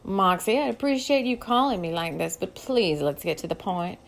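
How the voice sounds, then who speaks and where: Brief: woman reading as a brisk, businesslike older madam, firm and louder. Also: mid-range voice, lively intonation, gravelly.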